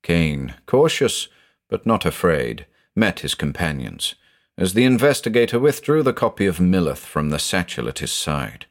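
A man narrating a scripted audio mystery drama in a dramatic, expressive storytelling manner. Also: low-pitched, normal speed.

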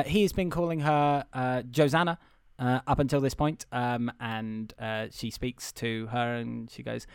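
A man's voice: medium pitch, clear, resonant tone, no echo, studio quality. A young man who hosts a podcast, giving a casual, rambling, profane and amused recap of a film. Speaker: podcast host.

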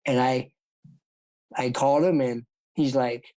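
A man's voice: mid-range voice, fairly even intonation, unhurried, mellow, no room sound, low-quality recording. A man from South Dakota, a former jockey, telling his story as an interview guest in a rambling way with frequent laughs. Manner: rambling, laughs often, acts out quoted voices.

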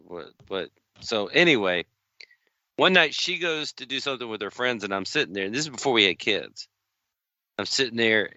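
A man casually telling a long story on a podcast, unhurried and folksy, acting out the other people in it. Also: lowish voice, sharp tone, no room sound. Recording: dull, slightly lo-fi dry studio sound.

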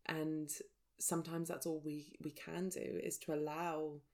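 Woman, from England, deep voice, gravelly, raw reflective vlog talk. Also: level tone, a little slow, a little mellow. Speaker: spiritual vlogger. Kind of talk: personal storytelling to viewers.

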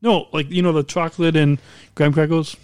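High-voiced teasing man. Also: flat delivery, brisk, a little mellow, clear, resonant tone, dry recording. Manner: teasing, interrupting, playful. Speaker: podcast co-host. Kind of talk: casual chat. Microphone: studio mic.

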